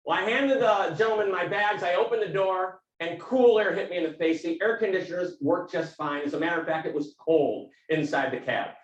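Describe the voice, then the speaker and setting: A man giving a business talk as a keynote speaker, telling a story in a vivid, animated way. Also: sits high, fairly quick, hardly any pauses, roomy sound, distant mic, dull audio.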